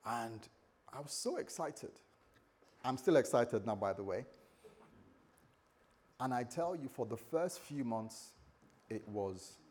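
British pastor guy preaching, husky voice, chatty and jokey, goes quiet then loud. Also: mid-range voice. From Britain. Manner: conversational, humorous, swings from hushed to loud. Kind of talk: sermon. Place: church.

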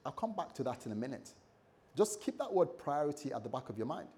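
A pastor preaching a lively sermon, acting out the scripture characters with shifting voice and joking asides. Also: male voice, mid-range voice, fast talker.

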